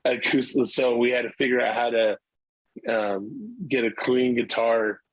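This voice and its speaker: A man's voice: mid-range voice, unhurried, no echo, rough recording. A middle-aged male musician telling stories in a casual interview, rambling with many restarts. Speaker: musician guest.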